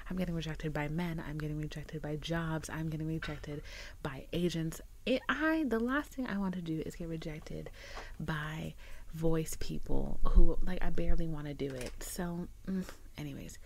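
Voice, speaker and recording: A young woman rambles to her camera in easy casual chat, her lowish voice full of gravelly fry. She talks straight to her viewers like a close friend, with a faint hiss of noise in the background. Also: moderate pace. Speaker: vlogger. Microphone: camera mic.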